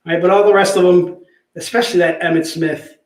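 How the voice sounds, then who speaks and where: Hyped guy hosting a sales stream, high voice, keeps saying all right, echoey room. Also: fast talker. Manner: energetic, joking, repeats "all right". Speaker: livestream host selling comic packs. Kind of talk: casual sales livestream chat.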